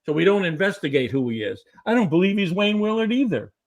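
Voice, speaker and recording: A man's voice: sits high, very animated, fast talker. A man being interviewed on a podcast, talking emphatically and firing off rhetorical questions. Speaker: guest. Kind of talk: animated interview talk.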